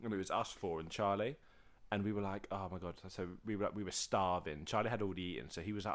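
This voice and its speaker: Guy rambling through stories on a podcast, gets excited, tons of likes and restarts. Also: low-pitched, fast talker. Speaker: podcast co-host. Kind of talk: casual storytelling chat. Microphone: podcast mic.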